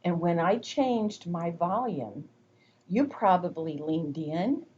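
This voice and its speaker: A woman giving a recorded lecture, explaining slowly and deliberately, sometimes dropping to a whisper to demonstrate. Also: lowish voice, animated, darkish tone, lo-fi sound, slight background noise.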